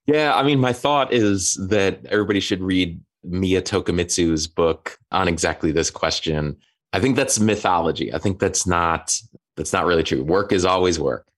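A middle-aged man with a very low voice answers as a podcast guest. He is thoughtful and measured, pausing and restarting short phrases as he works out his answers. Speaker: author and religion scholar, guest. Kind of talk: conversational interview.

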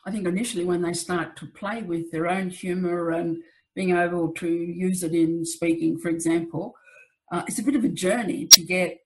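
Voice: mid-range voice, fairly even intonation, moderate pace, noisy background. A speaker sharing anecdotes reflectively in a casual conversation.

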